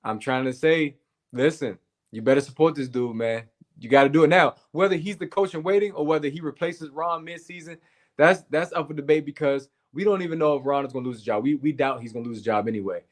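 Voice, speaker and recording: A man's voice: on the high side, fast. A man co-hosting a casual sports debate, emphatic and persuasive. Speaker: sports show co-host.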